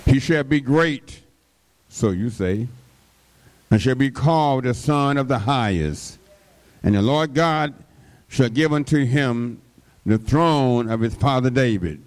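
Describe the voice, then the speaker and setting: A man's voice: medium pitch, lively intonation, slow. A man preaching a sermon, drawing out his words and breaking in with frequent call-and-response interjections to the congregation.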